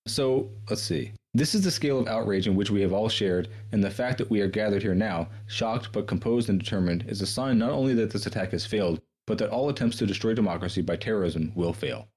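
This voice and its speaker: Fast-talking husky man reading history. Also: on the low side, a little mellow. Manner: profane, sarcastic, reads quotes then riffs. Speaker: podcast co-host. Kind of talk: casual chat, reading history aloud.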